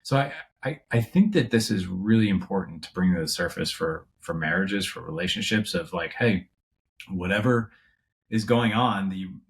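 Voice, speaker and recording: Low-voiced host guy, earnest, thinks out loud at length. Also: expressive, normal speed, slight background noise. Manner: reflective, earnest, explains at length. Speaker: podcast host, coach. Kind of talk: interview conversation.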